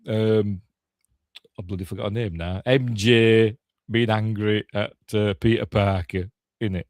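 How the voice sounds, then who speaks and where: A man's voice: lowish voice, fairly even intonation, normal speed, a little mellow, no room sound. An older man with a Yorkshire accent, chatting casually as a podcast host reacting to a film trailer, grumbling and mocking himself.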